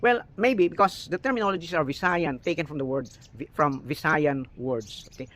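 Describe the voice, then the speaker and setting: A man's voice: a little high, normal speed, fairly bright tone. A man with a Filipino accent explaining martial arts terms in a casual tutorial, often checking in with "okay?". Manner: explanatory, repeats words, frequent "okay?".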